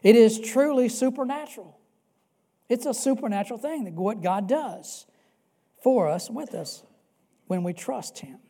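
A man preaching a sermon in a warm, mellow voice. He presses his points earnestly and repeats key phrases. He drops to soft, hushed passages, then rises to loud, emphatic peaks. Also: high-pitched, lively intonation, a little slow, gravelly, breathy edge. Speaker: pastor.

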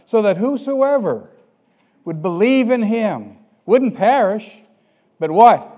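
Male pastor, high-pitched, emphatic sermon delivery with dramatic volume swings. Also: a little mellow. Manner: emphatic, rising and dropping volume, dramatic slow quoting of verses.

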